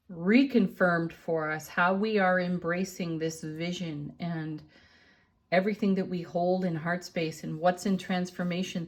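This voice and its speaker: A middle-aged woman reads tarot cards for her viewers at a slow, unhurried pace. Her voice sits a little low and stays gentle, with soft laughs between cards. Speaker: tarot reader and channel host. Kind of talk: daily tarot card reading.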